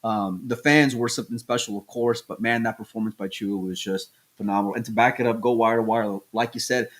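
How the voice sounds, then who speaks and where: A man co-hosting a pool podcast in casual chat, excitable and telling stories with many restarts. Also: on the low side, a little fast. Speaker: podcast co-host.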